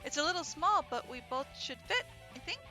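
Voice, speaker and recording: A woman's voice: high voice, sing-song, a little fast, music in the background, pitched above the performer's own voice. Woman voicing a stern tough sparrow. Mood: gruff. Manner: gruff, stern, lecturing. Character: tough stern female sparrow scooter rider.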